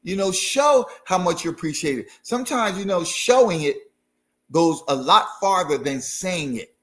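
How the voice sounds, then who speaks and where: A man co-hosting a marriage talk show, agreeing easily and giving calm, encouraging advice. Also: high-pitched, normal speed. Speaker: marriage podcast co-host. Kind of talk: casual chat.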